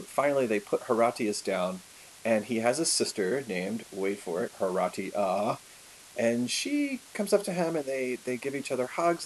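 A man telling a history story in a lively, conversational lecture style, full of asides and fillers. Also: lowish voice, slight background noise, poor audio.

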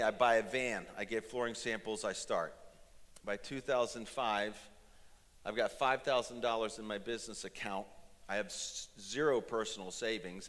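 A man's voice: mid-range voice, a bit bright, big-room sound. A man in his fifties preaching a sermon as pastor, telling a personal story in an earnest, emotional way.

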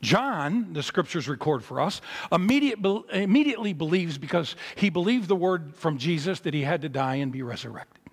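A man preaching in a chapel in a fairly high voice with a gravelly, husky grain. He tells the story in an animated way, rising loud and then falling low and quiet. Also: moderate pace, few pauses, big-room sound. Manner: animated storytelling with big swings in pitch and loudness. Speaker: pastor. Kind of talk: sermon at a memorial service.

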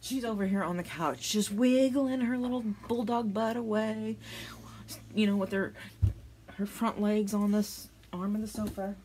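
A woman's voice: medium pitch, steady tone, measured pace, a little mellow, slight background noise. A woman, telling a rambling, self-deprecating story as she crafts at home for her vlog. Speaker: crafting channel host. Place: home, with dogs nearby.

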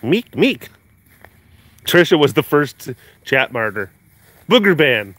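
A man's voice: mid-range voice, big pitch swings, unhurried, fairly bright tone, no echo. A man hosting a live stream, reading viewer comments with playful teasing and frequent laughter. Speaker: livestream host at a big cat facility.

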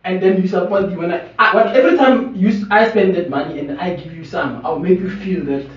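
A man's voice: high-pitched, brisk. A man co-hosting a casual podcast chat, full of playful, boastful banter. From South Africa. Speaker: podcast co-host. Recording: echoey room, distant dull mic, faint ambience.

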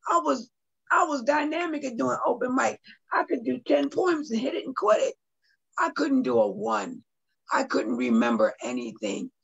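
A middle-aged woman with a gravelly, husky voice tells her story earnestly on a video call. Her voice sits a little high, and she often turns to speak straight to her listeners. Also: sing-song, normal speed, dull audio. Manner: earnest, testifying, addresses listeners directly. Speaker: guest artist and poet. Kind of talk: emotional personal storytelling.

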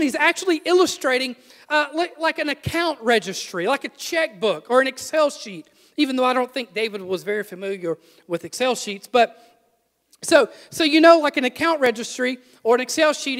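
A man's voice: very high-pitched, fairly bright tone, long reverb tail. A middle-aged man, a pastor, preaching a sermon earnestly and emphatically, asking his listeners direct questions. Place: church sanctuary.

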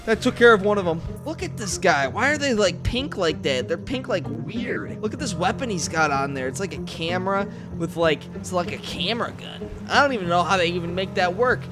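A young man giving excited gameplay commentary, jumpy and yelping and shouting in panic. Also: high-pitched, a little fast, few pauses. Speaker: gaming YouTuber. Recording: music playing behind the voice.

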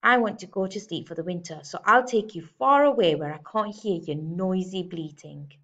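Woman doing a bossy grumbling storybook bear, cross and loud, lo-fi sound. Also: on the low side, moderate pace. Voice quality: growling, grumbling. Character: grumpy, bossy male bear wanting sleep. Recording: slightly dull lo-fi recording.

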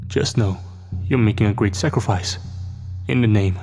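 A man voicing an unhinged, grief-worn older doomsday prepper who speaks quietly and wearily. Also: on the low side, normal speed, gravelly, big-room sound, soft background music. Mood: weary, haunted. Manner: quiet, weary, haunted.

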